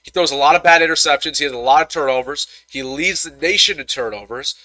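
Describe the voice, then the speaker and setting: A young man hosts a live football reaction stream, venting in a frustrated rant full of stammered restarts. His voice sits a touch high and sounds sharp and forceful. The sound is close and dry, with no room around it. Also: quick pace, no echo. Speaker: sports commentator host.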